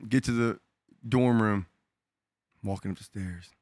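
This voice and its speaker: A man's voice: on the low side, measured pace, darkish tone, no room sound. Laid-back young man, dry sound. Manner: laid-back, laughing, slangy storytelling. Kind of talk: casual chat.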